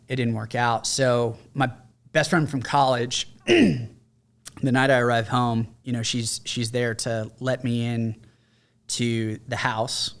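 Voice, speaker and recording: Male podcast guest, middle-aged veteran, frank conversational storyteller. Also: medium pitch. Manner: candid, conversational, mimics others in quoted lines. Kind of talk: casual storytelling.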